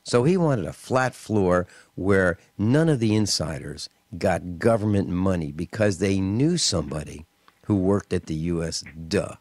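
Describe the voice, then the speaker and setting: A man hosting a talk radio show, telling stories and ranting in an indignant, animated way with mocking asides. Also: low-pitched, a little slow, no echo.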